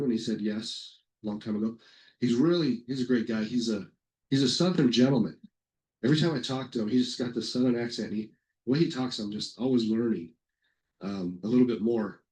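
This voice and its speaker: A middle-aged man hosts a software webinar in a casual, meandering style, sharing anecdotes amid plenty of fillers and self-corrections. His voice is medium-pitched and the recording is rough.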